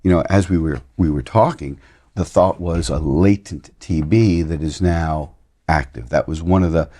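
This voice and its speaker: Casting note: deep, mellow man, family doctor guest, measured and explanatory. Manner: measured, explanatory, clinical wording. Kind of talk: casual conversation.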